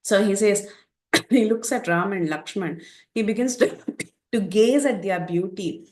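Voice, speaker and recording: A woman leads a scripture lesson, telling the story in an animated way and acting out its dialogue. Her mid-pitched voice carries a roomy echo. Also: measured pace. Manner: animated retelling with quoted dialogue. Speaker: teacher of scripture.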